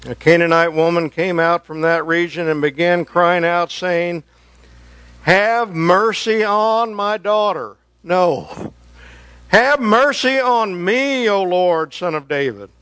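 A man preaching a sermon in an earnest way, slowing down and rising in pitch to stress his points. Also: fairly bright tone, smooth, no echo. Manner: slow, earnest preaching that rises in pitch for emphasis.

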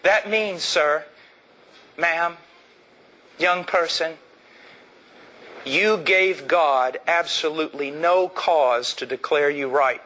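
High, bright-voiced male preacher. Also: poor audio. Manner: emphatic, rises to shouting, slows down for stress. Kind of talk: sermon.

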